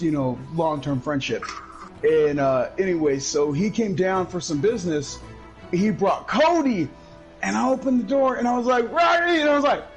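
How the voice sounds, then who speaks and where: A male gaming streamer telling a story in casual chat, loud and profane, bursting into laughter, and high while he talks. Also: rough recording. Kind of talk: casual storytelling over gameplay.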